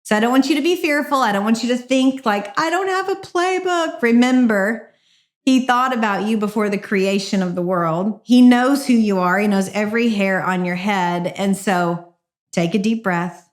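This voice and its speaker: A woman's voice: mid-range voice, normal speed. A middle-aged woman hosting a devotional podcast, speaking in an earnest, encouraging and reflective way. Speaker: podcast host.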